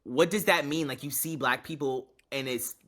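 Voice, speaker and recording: A man's voice: medium pitch, moderate pace, fairly bright tone. A man co-hosting a podcast, chatting casually and animatedly, venting and swearing freely. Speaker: podcast co-host. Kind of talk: casual chat.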